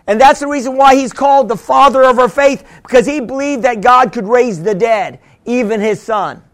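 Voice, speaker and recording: A man preaching a sermon as pastor, with sudden shouts and many repeated words. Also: very high voice, normal speed.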